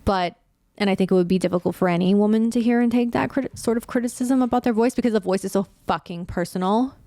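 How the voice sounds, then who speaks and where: Brief: woman podcast host, late 20s-30s, casual and candid, smooth clear tone, dry close mic. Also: medium pitch, quick pace, no room sound. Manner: candid, animated, swears casually.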